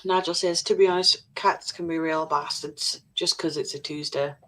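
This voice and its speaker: A woman's voice: deep voice, steady tone, normal speed, fairly bright tone. A woman co-hosting a casual livestream, reading viewers' comments aloud in a blunt, sweary way.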